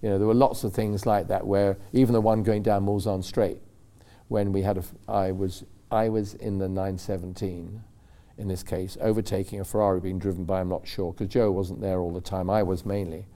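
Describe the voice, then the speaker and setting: A man telling rambling, animated racing stories in a casual chat, acting out what others said. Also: low-pitched, brisk. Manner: rambling, animated storytelling with acted-out quotes. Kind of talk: casual anecdote.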